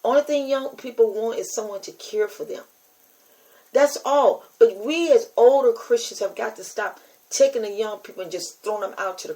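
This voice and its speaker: A woman's voice: medium pitch, poor audio. An older woman hosting her own podcast, talking straight to listeners in an emphatic, repetitive, testifying way. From United States. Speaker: podcast host and preacher. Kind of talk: casual spoken monologue to listeners.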